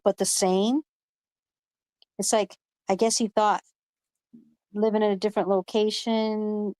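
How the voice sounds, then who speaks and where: A woman's voice: medium pitch, a little mellow, clean tone, dry recording. A woman hosting a live online panel in casual chat, rambling and emphatic, swearing freely. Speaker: panel host. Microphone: video call.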